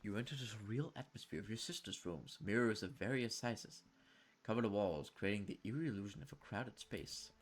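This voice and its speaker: A man's voice: on the low side, a little fast. A man streaming a game, reading the narration and joking around playfully.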